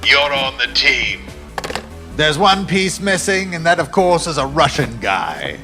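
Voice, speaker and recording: A man's voice: fairly high pitch, sing-song, unhurried, bright, forceful tone, faint music behind. A man hosting an improvised comedy sketch, playing a bossy, theatrical scheming boss. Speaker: host.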